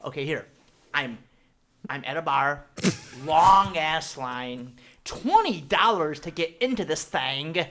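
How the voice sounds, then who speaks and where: A man's voice: on the high side, takes it slowly. A young man, a podcast guest, telling jokey stories in casual chat. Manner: animated, jokey, puts on voices in anecdotes. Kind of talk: casual comedic storytelling.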